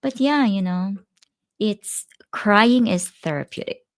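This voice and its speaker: A woman's voice: medium pitch, expressive, slow, no room sound, studio quality. A middle-aged woman hosting a casual livestream, chatting and laughing easily as she tells stories and answers viewer comments. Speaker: livestream host. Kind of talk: casual live-stream chat.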